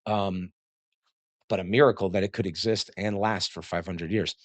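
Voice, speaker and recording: A man's voice: on the low side, normal speed, no room sound. A man giving casual, digressive commentary on a classical text he reads aloud, laughing often and slipping into mocking voices for quotes. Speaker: host reading and commenting on classics.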